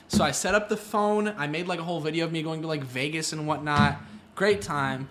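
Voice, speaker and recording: A young man, a podcast guest, telling stories in a loose, rambling way full of "like", and dropping into a low mumble for asides. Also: normal speed, fairly bright tone, slight background noise. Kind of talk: casual chat.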